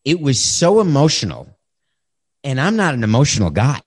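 A man's voice: mid-range voice, moderate pace, breathy edge. A man in his fifties hosting a podcast, answering listener questions in a direct, conversational way and telling stories. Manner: direct, conversational, animated when retelling. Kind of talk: casual storytelling.

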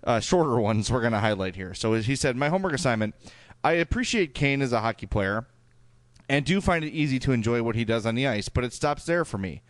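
A man with a Chicago accent co-hosts a hockey podcast in an easygoing, rambling way, dotted with fillers. His voice is smooth and resonant, and the sound is dry and close. He sits at a middle pitch. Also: expressive, fast, no echo. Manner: chatty, full of fillers and restarts. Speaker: podcast co-host. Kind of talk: casual chat, reading listener emails.

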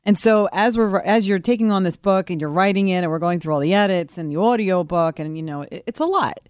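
A woman's voice: mid-range voice, brisk, darkish tone, clean tone, no room sound, clean studio sound. A woman co-hosting a radio show, speaking earnestly and at length with many fillers. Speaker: radio show producer and co-host. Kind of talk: casual radio chat.

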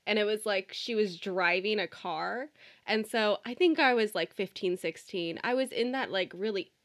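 Host, female, mid pitch, easygoing and encouraging. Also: normal speed. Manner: warm, supportive reactions, laughs along. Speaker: interview host. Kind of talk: casual interview.

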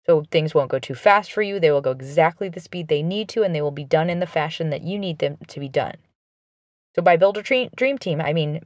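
A woman's voice: lowish voice, darkish tone, no echo, clean studio sound. A woman speaking earnestly and encouragingly straight to the listener in an advice monologue, with frequent restarts and fillers.

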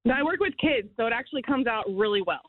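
A woman calling in to a radio show, quick and upbeat. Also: fairly high pitch, animated, dry recording. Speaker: caller. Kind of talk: phone-in chat. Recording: tinny phone line.

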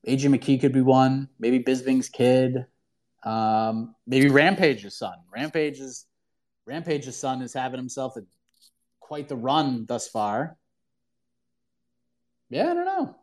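A man's voice: mid-range voice, fairly even intonation, slow pace, darkish tone. A man hosting a casual sports talk call-in show, opinionated and emphatic, often repeating himself for emphasis. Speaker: podcast host answering callers.

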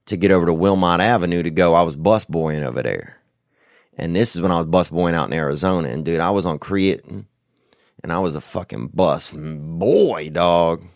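A man hosting a podcast, telling rambling, profane, slangy stories with sudden loud bursts. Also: low-pitched, creaky, no echo, studio quality. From United States. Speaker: podcast host. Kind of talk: casual podcast storytelling.

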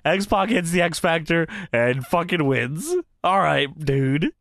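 Animated, high-voiced man, casual swearing podcast banter. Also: slow, creaky, no echo, studio quality. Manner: laughing, swearing, acting out quotes. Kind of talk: casual chat recapping wrestling.

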